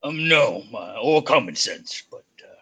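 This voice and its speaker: A young man playing a tabletop game, hesitant and halting with many fillers. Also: mid-range voice, animated, a crowd in the background, low-quality recording. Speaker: player.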